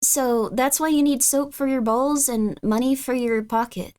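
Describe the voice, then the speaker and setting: A woman streaming live, chatting casually and rambling, reacting to chat with sudden high squeals and wide swings in pitch. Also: steady tone, measured pace, a little mellow, clean tone.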